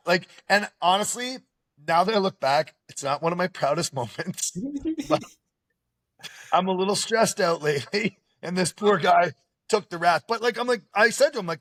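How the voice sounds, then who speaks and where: A man hosting a podcast in casual, animated chat, often stopping to add "okay?" to drive his point home. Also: high voice, normal speed. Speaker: podcast host.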